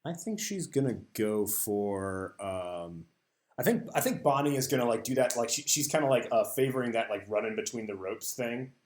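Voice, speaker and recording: A man's voice: medium pitch, animated, normal speed, roomy sound. Een aarzelende man die hardop nadenkt tijdens een rollenspel, met veel 'zeg maar' en 'uhm'. Zijn stem heeft een gemiddelde hoogte en er zit duidelijke galm van de kamer op. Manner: hesitant, thinking aloud, many fillers. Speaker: player. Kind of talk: casual tabletop game play.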